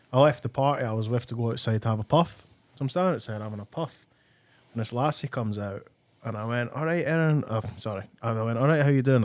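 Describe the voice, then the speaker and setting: A Scottish man co-hosting a podcast from a studio, chatting casually and rattling through stories at a quick clip. He acts out the people he quotes as he goes. His voice sounds dry and close, with almost no room around it. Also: on the low side, darkish tone, no echo. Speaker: podcast co-host. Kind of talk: casual chat.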